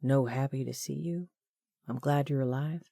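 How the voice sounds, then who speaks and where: Woman doing a low, guarded Southern man. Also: normal speed, creaky, dark tone, dry recording, clean studio sound, heavily acted. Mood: restrained.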